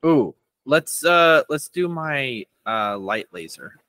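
A man's voice: mid-range voice, animated, pushed and bright, clear, resonant tone. A man playing a tabletop game, easygoing and chatty. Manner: easygoing, quick to laugh. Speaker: player. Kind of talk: casual tabletop game chat.

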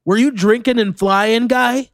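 A man from Florida hosts a solo podcast in a high-pitched, excitable voice, swearing freely as he riffs on the news. The recording is dry and close, with no room sound. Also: unhurried, no echo. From Orlando, Florida, USA. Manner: excitable, profane ranting. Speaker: podcast host. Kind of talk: casual solo podcast commentary.

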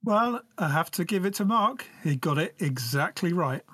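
A man co-hosting a comedy podcast, talking in a deadpan, mock-confident way. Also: high voice, normal speed, a loud crowd. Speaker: podcast co-host. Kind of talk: casual comedic chat.

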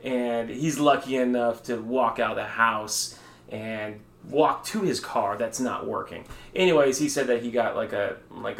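A man's voice: lowish voice, vocal fry, a bit bright, a little hiss or hum. Blunt, swearing man in an echoey room. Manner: blunt, swears freely, laughs at own rants. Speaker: podcast guest, cancer survivor. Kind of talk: casual podcast chat.

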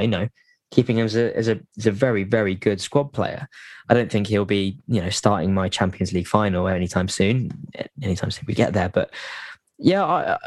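A man's voice: lowish voice, darkish tone, dry recording. A man chatting casually about football on a podcast, rambling with lots of restarts and fillers.

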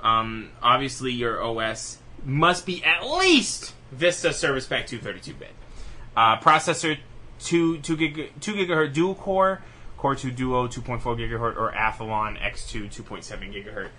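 A young man co-hosting a gaming podcast, rattling off specs in a quick, profane, joking casual chat. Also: medium pitch, animated, pushed and bright. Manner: rapid, profane, laughing reading of spec lists. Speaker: podcast co-host.

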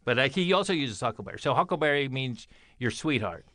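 A man's voice: mid-range voice, animated, quick pace, bright, forceful tone, no echo. A man in casual chat, teasing his co-host and laughing often.

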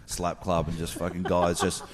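A middle-aged Australian comedian telling crude, animated stories on a live podcast. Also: male voice, sits low, normal speed. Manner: crude, animated yarn-spinning. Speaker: comedian guest.

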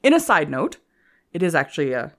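A woman's voice: low voice, very animated, a little fast, a bit bright. A woman co-hosting a casual comedy history podcast, reading her notes aloud and laughing often. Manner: giggly, reads notes between jokes. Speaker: podcast co-host.

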